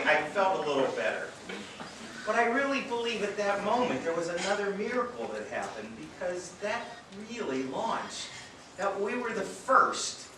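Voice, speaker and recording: A man giving a speech at a charity event, telling earnest stories with touches of self-deprecating humor. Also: sits high. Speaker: treatment center director giving a speech. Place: event venue, indoors or under a tent. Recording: very echoey, distant from mic, noisy.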